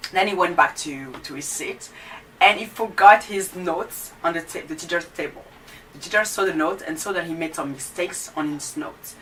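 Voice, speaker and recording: A woman's voice: lowish voice, sharp tone, recorded from a distance, a little hiss or hum, poor audio. A young woman, a student, ranting bluntly and heatedly in casual chat. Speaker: student vlogger.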